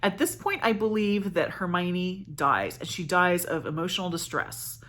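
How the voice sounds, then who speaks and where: Husky-voiced chatty woman. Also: on the low side, animated, normal speed, fairly bright tone. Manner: chatty, self-correcting. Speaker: book vlogger. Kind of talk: casual plot summary.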